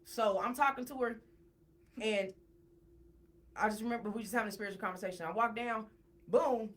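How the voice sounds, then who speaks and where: A woman guest on a podcast, telling a personal story in a casual, animated way and repeating words when she gets worked up. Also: a little high, brisk.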